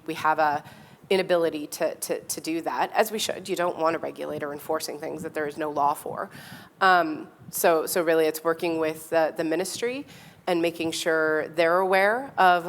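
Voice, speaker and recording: A woman official answering questions on a panel at a public meeting, measured and explanatory. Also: deep voice, a little hiss or hum. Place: meeting hall.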